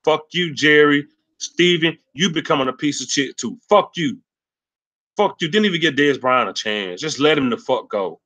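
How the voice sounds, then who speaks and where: A man hosting a sports livestream, ranting angrily and cursing, swinging between loud rants and low mutters. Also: lively intonation, moderate pace. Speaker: sports channel host. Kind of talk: profane livestream sports rant.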